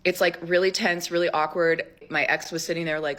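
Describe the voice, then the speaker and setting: A woman's voice: lowish voice, little pitch movement, a little fast, few pauses, fairly bright tone. A woman in her thirties telling her own divorce story in a chatty vlog style, full of fillers.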